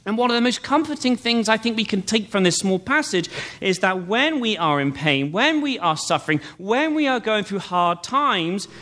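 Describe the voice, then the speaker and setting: A young man preaching a sermon, reading scripture aloud and then explaining it in an earnest, measured way. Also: sits high, animated, sharp tone. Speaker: pastor.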